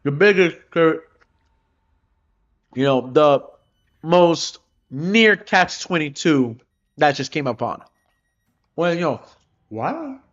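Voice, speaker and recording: A man's voice: on the high side, very animated, slow, pauses often, a bit bright. A man on his art livestream, chatting casually while drawing, rambling loosely and cursing offhandedly. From Florida, United States. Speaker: livestreaming artist. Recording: dull lo-fi livestream audio with faint music.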